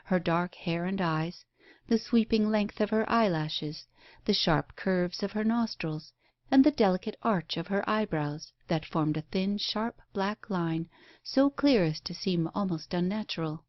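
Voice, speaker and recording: A woman narrating a Victorian ghost story audiobook in a measured, even reading. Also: mid-range voice, no echo, dull audio. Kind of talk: scripted narration.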